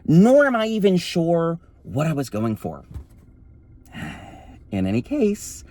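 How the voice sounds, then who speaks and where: A man's voice: on the high side, huge pitch swings, slow pace, warm tone, no room sound. A man telling a story in a campy, sassy, profane way, his voice often taken for a woman's. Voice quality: voice read as feminine. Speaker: vlogger. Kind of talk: casual storytelling vlog.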